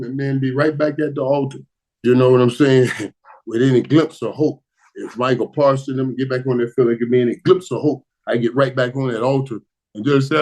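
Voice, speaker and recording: Fielding questions from viewers on a laid-back live stream, this man gets worked up, says things more than once, and jumps between shouting and mumbling. It's captured on poor-quality audio.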